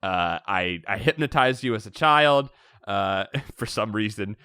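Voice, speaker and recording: A man co-hosting a podcast, recapping a story in casual chat, animated and laughing often. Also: on the low side, measured pace, clear, resonant tone, no room sound, studio quality. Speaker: podcast co-host.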